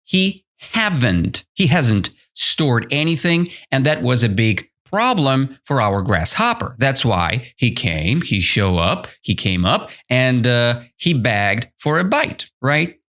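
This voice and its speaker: A podcast host whose first language is Russian walks learners through a children's story in a chatty, animated way. His pitch rises and falls a lot as he explains. He speaks slowly and often corrects himself mid-sentence. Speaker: English teacher, podcast host. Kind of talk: storybook lesson explaining vocabulary.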